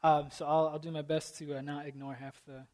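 A man in his thirties who prays and then opens a sermon, earnest and halting, with many fillers and a self-deprecating humor. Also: fairly high pitch, little pitch movement, darkish tone. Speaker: preacher. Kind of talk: prayer and sermon opening.

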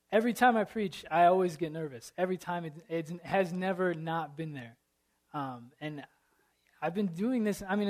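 Earnest, halting male preacher. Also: a little high, a little mellow. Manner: earnest, halting, self-deprecating, with frequent fillers. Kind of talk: prayer and sermon opening.

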